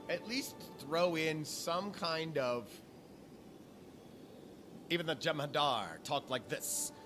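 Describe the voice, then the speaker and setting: A foul-mouthed man rants to the camera in a loose, animated vlog. His voice sits a little high and swings widely in pitch. Clear music runs underneath him the whole time. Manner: swears a lot, animated, ranting. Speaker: vlogger. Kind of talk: profane casual rant. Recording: clear music playing behind.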